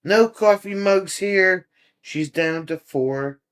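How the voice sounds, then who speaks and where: A livestream host with a high, smooth voice talks slowly and easygoingly with his live viewers. He reads their comments aloud and chuckles often.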